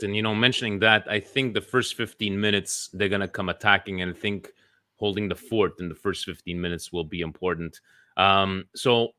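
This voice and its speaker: A man's voice: on the low side, pushed and bright, no echo, clean studio sound. A man hosting a casual group video chat, chatty and teasing as he jumps between guests. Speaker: podcast host.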